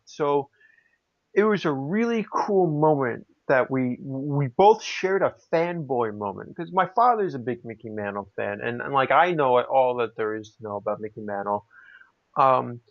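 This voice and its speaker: A podcast co-host chats casually, telling anecdotes that ramble, with frequent restarts and fillers. He has a mid-range voice with lively intonation at a moderate pace, and the lo-fi audio sounds slightly dull.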